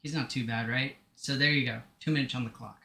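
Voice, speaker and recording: Guy rambling over his gameplay, bright lively voice, kinda echoey room. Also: medium pitch, quick pace, gravelly. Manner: chatty, jokey, self-mocking. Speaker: streamer. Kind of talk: casual gameplay commentary.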